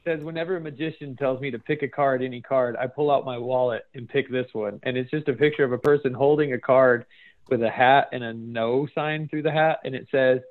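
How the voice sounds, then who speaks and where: A man's voice: medium pitch, fairly even intonation, fairly quick. A man hosting a casual chat, reading funny posts aloud and laughing often. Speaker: podcast host. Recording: phone-like narrow sound.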